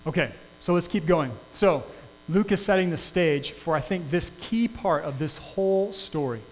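This pastor's voice runs on the high side, animated and at normal speed, as he preaches earnestly and conversationally, often restarting his sentences. The audio is dull, reverberant for a long tail, and carries a faint hum.

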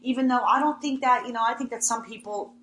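Opinionated middle-aged woman with a bright voice. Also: a little high, fast. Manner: opinionated, repeats herself when making a point. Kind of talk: casual chat. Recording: echoey room with faint hum.

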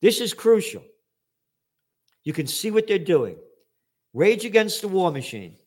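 A male commentator is mid political rant, his voice a little high for a man. Very animated yet unhurried, he uses biting sarcasm and heavy profanity, with his delivery rising into angry shouts.

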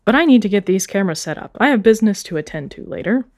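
A woman's voice: medium pitch, lively intonation, rapid-fire, a little mellow, lightly acted. A woman doing a smug raccoon businessman. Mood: mock sorrow.

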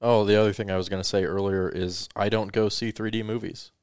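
A man with a notably low voice talks casually as co-host of a live stream. He explains things patiently and teases his partner. The recording is close and dry. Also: level tone, a little fast, a little mellow, clean tone, no echo. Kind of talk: casual chat.

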